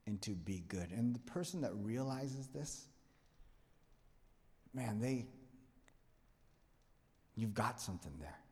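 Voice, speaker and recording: Guy pastor preaching, chatty and jokey, goes quiet then gets loud, big echoey church hall. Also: mid-range voice. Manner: conversational, joking, swings from hushed to loud pleading. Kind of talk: sermon. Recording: reverberant hall.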